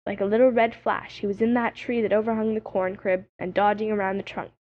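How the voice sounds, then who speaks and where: A woman narrating a children's animal story as an audiobook reader, in an expressive storytelling manner. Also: medium pitch, a little fast. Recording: dull lo-fi audiobook recording.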